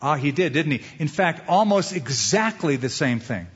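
A man's voice: a little high, animated, normal speed, breathy edge. A male pastor preaching a sermon in a conversational way, often putting questions to the listeners. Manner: conversational, asks the audience questions. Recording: dull lo-fi sound.

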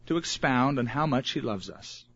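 An older man in his sixties preaching a sermon as pastor, earnest and emphatic with dramatic pauses. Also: mid-range voice, animated, gravelly, fairly bright tone, breathy edge. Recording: muffled lo-fi recording.

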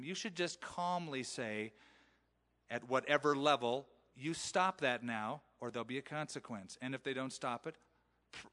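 A man's voice: a little high, fairly bright tone, long reverb tail. A male pastor preaching in a conversational sermon style, acting out the quoted voices of parents. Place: church sanctuary.

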